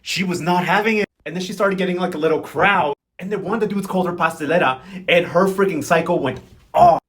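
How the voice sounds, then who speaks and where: A man's voice: high-pitched, fairly bright tone. A man recapping a soap opera in a casual, sassy, dramatic way, speaking with slang. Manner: sassy, dramatic, quick slangy gossip with playful cursing. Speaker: recap host. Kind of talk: casual comedic recap vlog.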